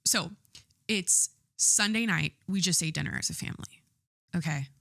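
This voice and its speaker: A woman's voice: lowish voice, normal speed, gravelly, bright, forceful tone, dry recording, studio quality. Candid, profane woman podcast host. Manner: candid and profane, lots of fillers. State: stuffy from a head cold. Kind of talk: casual solo podcast monologue.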